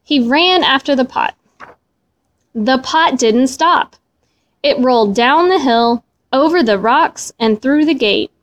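A woman reading a children's storybook aloud in a slow, expressive way. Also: high-pitched.

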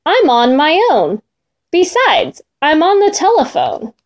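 A skittering hyena shrugs off a plea in a children's storybook, as a woman puts it on. The voice is high and lively. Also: slow pace, exaggerated voice. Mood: dismissive. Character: skittering hyena refusing to help.

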